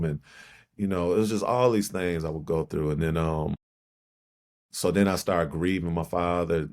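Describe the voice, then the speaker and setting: Deep-voiced middle-aged man from Chicago. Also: darkish tone. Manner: reflective, halting, repeats phrases for emphasis. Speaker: podcast guest, poet. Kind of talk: personal storytelling in conversation.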